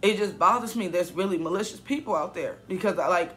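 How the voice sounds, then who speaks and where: A young man in his twenties with a high, bright voice, talking in a casual vlog. He rambles and restarts, sounding shaken and emotional. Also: quick pace. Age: 20s. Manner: rambling, many fillers and restarts; upset, emotional. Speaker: YouTuber.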